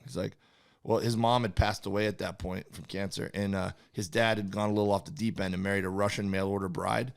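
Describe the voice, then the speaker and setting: Rambling storytelling man, low voice. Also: flat delivery, fast talker, vocal fry. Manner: rambling, restarts a lot, searches for words. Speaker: podcast co-host. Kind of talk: casual storytelling chat.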